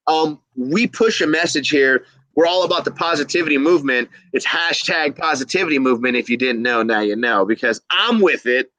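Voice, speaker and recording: A man's voice: mid-range voice, sharp tone, dry recording, rough recording. A man hosting a casual livestream, upbeat and enthusiastic, reading viewer comments aloud. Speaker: livestream host.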